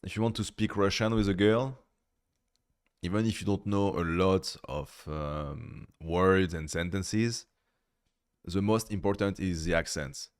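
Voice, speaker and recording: A man's voice: sits low, a little slow, clean tone. A man giving blunt, critical reaction commentary in a casual way, swearing freely. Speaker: video reviewer.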